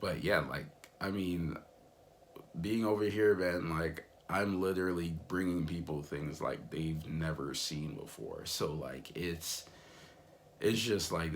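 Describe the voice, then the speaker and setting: With a rumbling low, creaky voice, a young American man rambles through a casual vlog monologue in an easygoing way, leaning on lots of fillers. Slight background noise can be heard.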